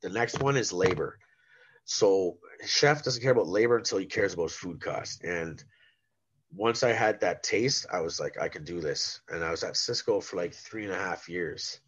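A man in his forties from Canada talks through his working life in a relaxed, chatty way, animated and quick to act out other people's lines. His voice sits low. The recording sounds somewhat dull and lo-fi. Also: slightly rough. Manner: animated storyteller who acts out the people he quotes. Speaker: guest, rapper and former chef. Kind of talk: casual podcast storytelling.

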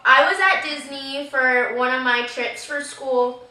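Young girl, giggly animated storyteller, bright voice, echoey distant recording. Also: sits high, unhurried. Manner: giggly, animated, mimics screams. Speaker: vlog participant. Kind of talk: casual storytelling among friends. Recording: echoey room, mic at a distance.

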